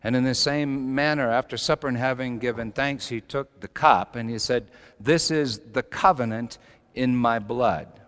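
A middle-aged male pastor preaching a sermon, swinging between loud emphatic lines and soft, low asides. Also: moderate pace.

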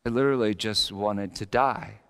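A man preaching a sermon as pastor, confessional and swinging from quiet reflection into animated, rising intensity. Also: on the low side, moderate pace, creaky, smooth. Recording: long hall reverb.

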